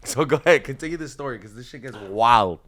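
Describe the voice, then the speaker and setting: A man hosting a casual podcast chat, relaxed, prompting his guest and cursing freely. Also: medium pitch, fast. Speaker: host.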